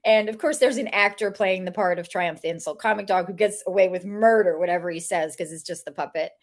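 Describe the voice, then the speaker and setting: A woman, an author and animal communicator, telling funny stories in a lively way, laughing often and acting out the voices of people she quotes. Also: fairly low pitch, fairly quick. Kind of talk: storytelling interview talk.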